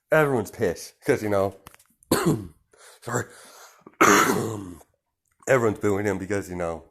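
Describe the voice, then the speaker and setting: A man's voice: on the low side, slow pace, pauses often, a bit bright, breathy edge. A man casually improvising a fan story aloud, rambling with lots of fillers. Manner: rambling, full of fillers and restarts.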